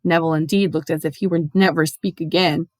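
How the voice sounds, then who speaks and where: A woman giving an expressive, animated storybook reading. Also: sits low, brisk, no room sound. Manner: animated, lively. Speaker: audiobook reader.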